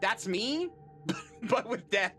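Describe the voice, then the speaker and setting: A woman in her thirties streams and chats casually with her audience in a high-leaning, expressive, slightly bright voice, speaking slowly with faint music behind her. She rambles, swears freely, and cracks dry jokes at her own expense.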